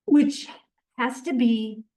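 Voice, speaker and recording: A woman reads a novel aloud at an unhurried pace, then talks it over with a class. Her voice sits a little high, and she presses her points earnestly, checking that listeners follow. The mic is well back in a reverberant room. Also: mellow. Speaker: book discussion leader. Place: classroom or church meeting room. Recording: echoey room, mic far off.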